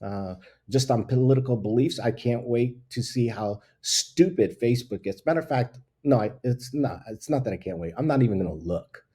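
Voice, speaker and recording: Hosting his own talk show, this man delivers blunt, casual opinions and chuckles at his own expense. He speaks at a normal speed in a mid-range, warm, husky voice.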